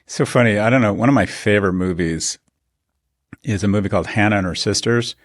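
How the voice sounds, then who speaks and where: A man's voice: lowish voice, fairly quick, dry recording, clean studio sound. A middle-aged man co-hosting a podcast, telling stories sardonically and building to indignant emphasis. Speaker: podcast co-host. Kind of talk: casual opinionated chat.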